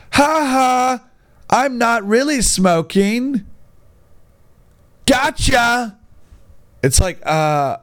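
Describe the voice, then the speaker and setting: A young man telling a rambling comic story, jumping between asides and mocking the people he quotes. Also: a little high. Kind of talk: comedic storytelling monologue.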